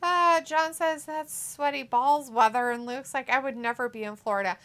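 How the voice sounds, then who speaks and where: Reading viewer comments aloud on a casual watch-along stream, this co-host is playful and giggly and swears freely. Her high voice is smooth and fairly bright, moving at a moderate pace.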